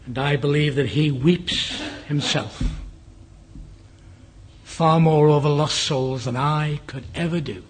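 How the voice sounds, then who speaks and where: An older Englishman preaching a sermon, telling a personal story in an earnest way and dropping to a hush at times. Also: a little high, steady tone, slow, a little hiss or hum. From England. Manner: earnest, drops to a hushed whisper for the dying man's words. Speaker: guest preacher.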